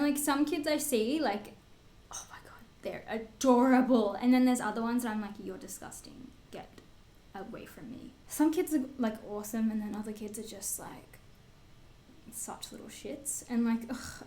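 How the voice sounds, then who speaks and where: A woman's voice: fairly high pitch, darkish tone, reverberant, slight background noise. Candid, swearing Australian woman in her twenties. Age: 20s. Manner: candid, swears freely, lots of fillers. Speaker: beauty vlogger. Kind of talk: casual chat answering assumptions.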